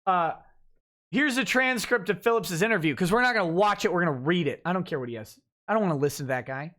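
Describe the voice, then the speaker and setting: A woman's voice: on the low side, animated, quick pace, fairly bright tone. A woman hosting a livestream, giving sarcastic, ranting commentary while reading text aloud with asides. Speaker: host.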